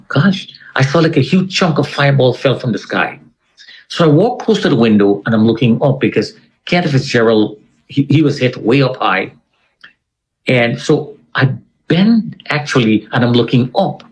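Man telling a story with lively pitch. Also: low-quality recording. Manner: vivid, conversational retelling with quoted dialogue. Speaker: interview guest. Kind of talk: personal storytelling.

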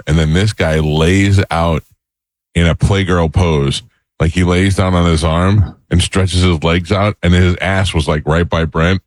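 A middle-aged man hosting a radio show, telling a funny story in a lively chat and laughing as he goes. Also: sits low, dry recording.

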